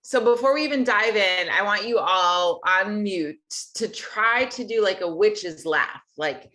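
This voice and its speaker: A woman's voice: medium pitch, unhurried, sharp tone. A woman hosting an online singing lesson, explaining technique and demonstrating sounds with her voice. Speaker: voice teacher hosting a workshop.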